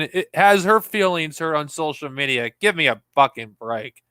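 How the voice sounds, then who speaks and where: Scornful man with a bright voice. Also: a little high, normal speed, clear, resonant tone, dry recording. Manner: scornful, profane, sarcastic. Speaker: livestream host. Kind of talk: live commentary on a played clip.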